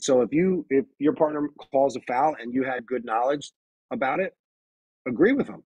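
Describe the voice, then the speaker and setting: A man's voice: medium pitch, brisk, husky, dry recording, rough recording. A man giving a webinar presentation as a referee trainer, talking firmly and emphatically, repeating his key phrases.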